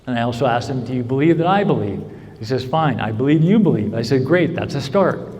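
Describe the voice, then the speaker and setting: Man, recovery speaker, earnest personal story, mid-pitched voice, long hall reverb, stage mic. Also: animated, fairly quick, darkish tone. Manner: earnest storytelling, asks "right?" often. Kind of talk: personal testimony talk. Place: large convention hall.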